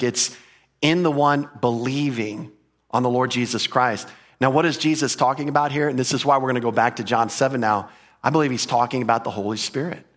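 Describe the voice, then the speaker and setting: A man's voice: mid-range voice, a bit bright. A man preaching an expository sermon, explaining Greek grammar and repeating key phrases for emphasis. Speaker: pastor.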